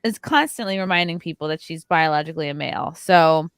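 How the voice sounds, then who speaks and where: A woman's voice: deep voice, clear, resonant tone, no room sound. Woman, podcast host, casual panel chat, sarcastic, dry sound. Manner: blunt, sarcastic, quick jokes.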